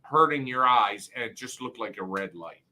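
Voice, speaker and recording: A man with a South Jersey accent chats loosely on a livestream, wandering from topic to topic and reading out viewer comments. His voice is bright and forceful, pitched in an ordinary middle range. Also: animated, moderate pace. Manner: rambling, profane, reads chat comments aloud. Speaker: filmmaker hosting a livestream. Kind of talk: casual livestream chat.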